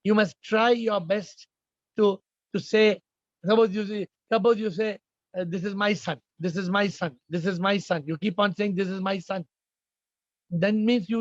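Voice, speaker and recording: Man, high voice, spiritual teacher answering questions, emphatic and repetitive, dry muffled sound. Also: dry recording. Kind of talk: informal spiritual Q&A talk.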